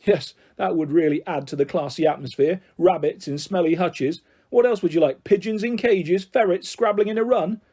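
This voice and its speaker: A man's voice: sits high, normal speed, few pauses, warm tone, slightly rough, voice pushed up. A man voicing a bullying middle-aged father who coaxes and sneers in a taunting, menacing way. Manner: taunting, mock-jovial then harsh.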